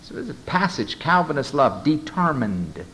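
A man preaching a sermon and reading scripture aloud, moving between loud emphasis and hushed tones. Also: fairly high pitch, animated, measured pace, a little hiss or hum, low-quality recording. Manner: reads scripture aloud and asks the congregation to turn to a passage. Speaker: pastor.

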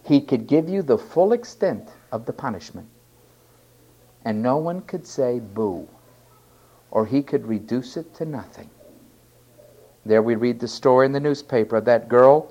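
A man preaching a sermon, stressing key words loudly and then dropping to quiet asides. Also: mid-range voice, normal speed, lo-fi sound. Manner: emphatic, swinging between loud stresses and quiet asides.

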